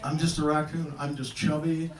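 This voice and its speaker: A man's voice: fairly high pitch, little pitch movement, moderate pace, heavy background noise. A man in his twenties performing a crude, self-deprecating stand-up comedy set on stage at a small live music venue. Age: 20s. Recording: roomy live club recording from a distance. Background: loud audience laughter.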